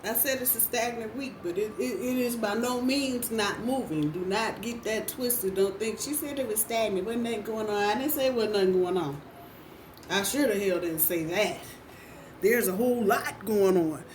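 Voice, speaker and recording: A woman's voice: mid-range voice, normal speed. A woman giving a casual tarot reading in a blunt, profane way, repeating phrases for emphasis. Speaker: tarot reader. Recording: roomy, distant mic, faint background noise.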